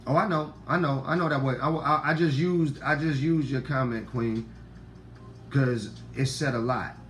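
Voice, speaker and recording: A man with a deep voice and a Black way of talking, giving a casual, preachy monologue to viewers. He repeats lines for emphasis and swears freely, jumping from loud outbursts to low murmurs. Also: normal speed, slight background noise. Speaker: online talk host.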